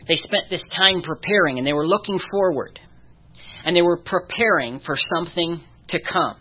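A preacher giving a conversational sermon, chuckling softly now and then. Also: mid-range voice, husky. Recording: dull lo-fi recording.

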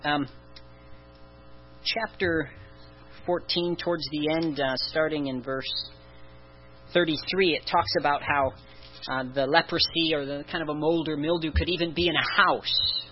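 A man's voice: on the high side, steady tone, measured pace, long pauses. A man preaching a sermon in an earnest way, asking the listeners question after question and sighing "oh" often. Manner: earnest, repeats rhetorical questions, sighs "oh". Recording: dull lo-fi recording with faint mains hum.

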